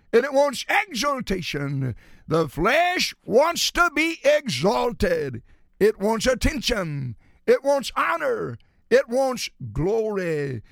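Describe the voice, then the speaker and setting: A man preaching a sermon, emphatic, swinging from shouted lines to low, quiet drops. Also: huge pitch swings, slow, vocal fry, no room sound, clean studio sound.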